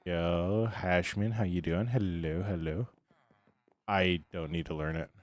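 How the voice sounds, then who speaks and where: A man with a very low voice talks easily to his live chat, greeting viewers one by one. He sounds tired but friendly and unhurried. The sound is dry and close, with no room echo. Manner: relaxed, chatty, greets chat by name. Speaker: streamer. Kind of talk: casual live-stream chat.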